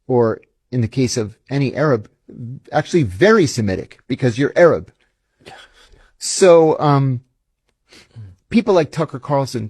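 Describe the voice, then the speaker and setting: A man's voice: mid-range voice, a little mellow, breathy edge, no echo. A man being interviewed, telling stories animatedly and acting out the dialogue he quotes. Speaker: interview guest, former intelligence officer. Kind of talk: conversational interview storytelling.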